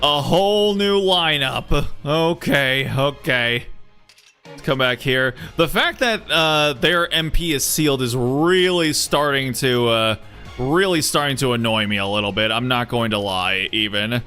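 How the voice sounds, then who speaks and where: Excitable gameplay streamer, bright tone, unhurried commentary, faint game music. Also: medium pitch. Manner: excitable, swears, laughs at the game. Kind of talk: casual gameplay commentary with read-aloud dialogue.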